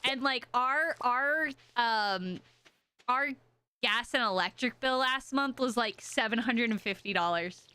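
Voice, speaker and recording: A young woman from the United States streams a game and chats with viewers, rambling, giggling, and poking fun at herself. Her voice is fairly high, sharp, and clean, and she speaks a little slowly.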